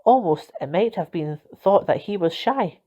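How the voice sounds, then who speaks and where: A woman narrating a children's storybook in a steady, expressive reading voice. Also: lowish voice, normal speed, husky. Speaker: volunteer reader. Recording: dull lo-fi recording.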